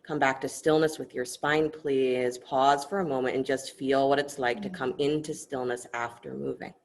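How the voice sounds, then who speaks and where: A low-pitched woman with a gravelly, creaky texture leads a yoga class. She speaks softly and gently, giving instructions and weaving in a story. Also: steady tone, moderate pace. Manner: soft-spoken, gentle and instructive. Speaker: yoga teacher.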